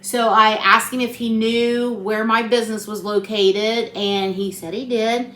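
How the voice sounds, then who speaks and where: A woman's voice: fairly high pitch, steady tone, unhurried, fairly bright tone, reverberant. A middle-aged woman, rambling and telling stories as she cooks at home for her vlog, tired after a long week. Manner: rambling, storytelling, talkative. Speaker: cooking channel host. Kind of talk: chatty home cooking vlog. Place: home kitchen.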